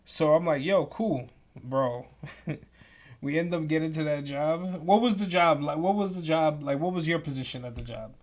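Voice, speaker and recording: A man's voice: a little high, a little fast. Profane New man telling stories. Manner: profane, animated, slangy. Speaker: podcast co-host. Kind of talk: casual storytelling.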